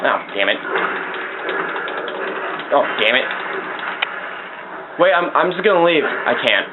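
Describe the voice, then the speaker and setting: An excitable young man gives casual gameplay commentary, swearing freely and talking back to the game in a lively, slightly high voice. The sound is thin and phone-like, with a clear hiss of noise behind him. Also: takes it slowly. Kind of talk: casual let's-play commentary. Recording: tinny lo-fi mic with noise.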